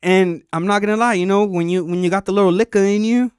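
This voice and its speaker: A man hosting a podcast tells a story in a loose, animated and profane way, acting out the people in it. His voice sits a little high and sounds smooth and clear, recorded close and dry. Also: quick pace, no echo. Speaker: podcast host. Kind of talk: casual storytelling chat.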